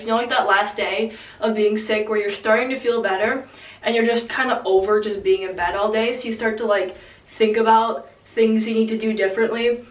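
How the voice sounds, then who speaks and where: On a distant mic, a young woman with a stuffy cold and a voice on the high side rambles through casual vlog narration of her crochet project. She comes across as chatty and self-deprecating.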